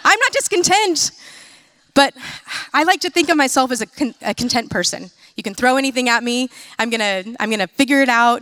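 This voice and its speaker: Woman, 30s, from the United States, sermon-style storytelling, self-mocking, fairly high voice, dry sound. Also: no echo. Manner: lively, self-mocking storytelling with quick asides. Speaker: speaker. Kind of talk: sermon-style talk with personal stories.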